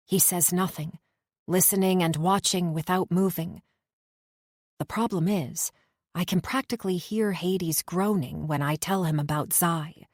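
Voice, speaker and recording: A woman narrating a first-person romance fantasy audiobook in a measured, tense storytelling manner on a close studio mic. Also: on the low side, fairly even intonation, a little mellow, no echo.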